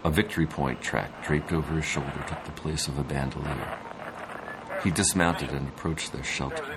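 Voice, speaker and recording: A man giving a dramatic, deliberate scripted story narration. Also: rumbling low. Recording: noisy, with vehicle ambience.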